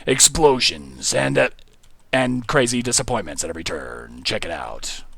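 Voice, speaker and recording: A man putting on the voice of a deep, dramatic male movie-trailer announcer in slow, booming promo style. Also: vocal fry, a bit bright, breathy edge, dry recording.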